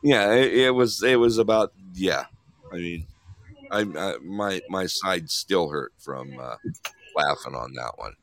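A man's voice: sits low, fairly bright tone. A man hosting a casual live online talk show, joking and laughing often with callers. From New York. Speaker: host.

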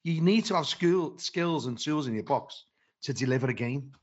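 A man's voice: on the high side, lively intonation, moderate pace. Blunt matey guy rambling about reffing, muffled lo-fi sound. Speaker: football referee. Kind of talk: casual podcast chat.

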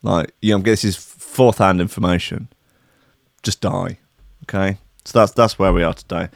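A man's voice: sits low, steady tone, moderate pace, vocal fry, dry recording, clean studio sound. A man hosting a casual comedy show, talking in a sweary, rambling and sarcastic way. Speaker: host.

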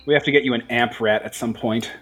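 A man playing a tabletop role-playing game, negotiating sternly and deliberately. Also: mid-range voice, steady tone. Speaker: player. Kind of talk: casual tabletop role-play.

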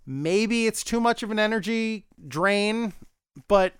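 A man's voice: high-pitched, slow pace, clean tone, no room sound, studio quality. Rambling, chuckling podcast host man. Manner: rambling, chuckling, acts out characters' lines. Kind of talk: casual chat reviewing a TV episode.

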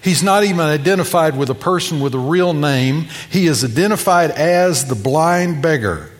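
A high-pitched male preacher delivers a storytelling sermon, swinging from hushed asides to bold outbursts as he acts out the people in the story. His voice trails off into the long reverb of a church sanctuary. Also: lively intonation, moderate pace. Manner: storytelling preacher acting out voices, shifting loud and soft. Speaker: pastor.

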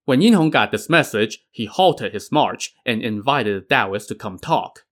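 A man's voice: medium pitch, lively intonation, measured pace, hardly any pauses, fairly bright tone. A man narrating a classic novel for a podcast, with wry conversational asides. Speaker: podcast storyteller.

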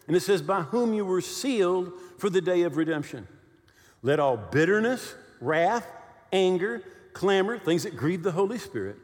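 A man in his sixties preaching a sermon, telling stories with lively asides and often asking his listeners "right?". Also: high-pitched. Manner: animated storytelling with many "right?" check-ins. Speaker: pastor. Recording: long hall reverb.

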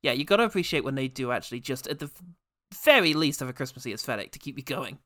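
Chatty man, bright lively voice. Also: mid-range voice, quick pace, dry recording, studio quality. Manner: chatty, laughs often, trails off quietly. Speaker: podcast host. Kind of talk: casual chat.

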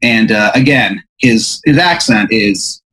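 A man's voice: fairly low pitch, lively intonation, slow pace, sharp tone, husky, low-quality recording. A man hosting a podcast, improvising a comic hypothetical story with a rambling, filler-heavy delivery. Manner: rambling, lots of fillers, laughs mid-sentence. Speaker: podcast host.

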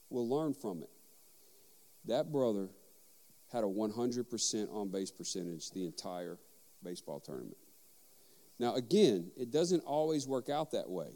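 Man preaching in a reverberant hall. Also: mid-range voice. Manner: animated storytelling, acting out dialogue. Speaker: pastor. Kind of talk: sermon.

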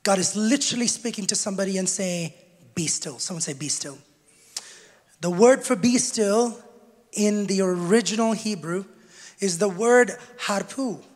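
High-voiced preacher in a reverberant hall. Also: male voice, moderate pace. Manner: swings from shouted preaching to quiet teaching; jokes with the congregation. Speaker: pastor. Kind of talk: sermon. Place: church hall with congregation. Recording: long church hall reverb.

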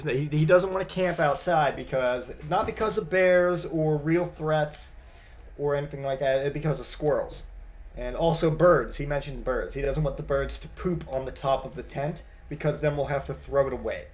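A man in his thirties hosting a casual monologue, rambling with many halting restarts. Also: fairly high pitch.

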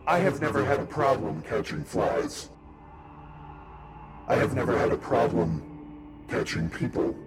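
A possessed fey vine spirit, ancient and scheming. The voice sits very low and moves slowly, with wide swoops in pitch. Music plays clearly behind it. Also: male voice, full character voice. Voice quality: possessed, menacing. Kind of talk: tabletop game voice acting.

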